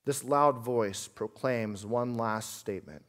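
A man preaching a sermon as a pastor, earnest, dropping to a hush and then rising to loud emphasis. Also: mid-range voice, slow pace.

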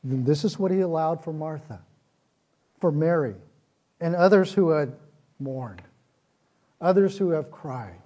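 A man's voice: on the high side, animated, unhurried, pauses often, mellow. A man preaching a sermon, earnest, with repeated phrases that build in intensity. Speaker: pastor.

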